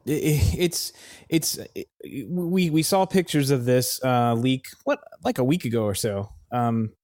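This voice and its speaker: Man, halting co-host, repeats words, casual tech chat, dry mic. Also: medium pitch, lively intonation, darkish tone, dry recording. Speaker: podcast co-host.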